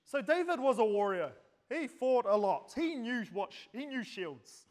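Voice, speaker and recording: A man's voice: extremely high pitch, big pitch swings, unhurried, a little mellow. A man preaching a sermon, speaking straight to the congregation and posing rhetorical questions. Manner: addresses listeners directly with rhetorical questions. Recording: long hall reverb.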